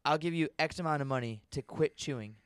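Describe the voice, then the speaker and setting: A young man with a fairly high voice co-hosts a casual podcast. He tells stories animatedly and swears freely. The sound is dry and close. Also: quick pace, clear, resonant tone, no room sound. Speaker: podcast co-host.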